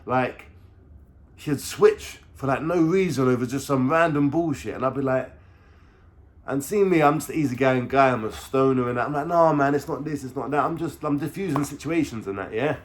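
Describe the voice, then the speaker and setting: A man's voice: mid-range voice, normal speed. Slangy London man in his thirties. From England. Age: 30s. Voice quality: slangy, swearing, chatty. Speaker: vlogger. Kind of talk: casual storytime monologue.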